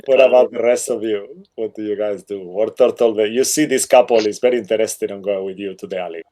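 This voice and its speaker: A man narrating as game master in a relaxed, meandering way. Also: on the low side, fairly quick.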